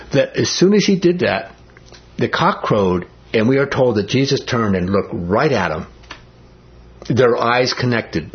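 A man preaching a sermon as pastor, speaking in a conversational, animated way that builds in emphasis. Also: medium pitch, dull audio.

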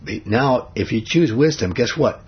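A man's voice: mid-range voice, animated, moderate pace, husky, dull audio. A man preaching an informal sermon in a conversational way, asking his listeners questions. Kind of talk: informal sermon, Bible study.

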